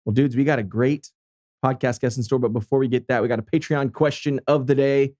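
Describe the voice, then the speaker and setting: A man with a medium-pitched voice hosts a podcast. He introduces segments and guests in an upbeat, friendly way. The sound is dry and close to the mic. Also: steady tone, brisk, dark tone, dry recording. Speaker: podcast host. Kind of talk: casual chat and sponsor read.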